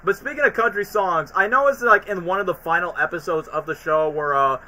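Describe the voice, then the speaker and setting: A man's voice: high voice, a little fast, sharp tone, low-quality recording. A man chatting casually on a stream, rambling about cartoons with lots of fillers. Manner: rambling, often sings and acts out cartoon lines. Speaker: streamer host.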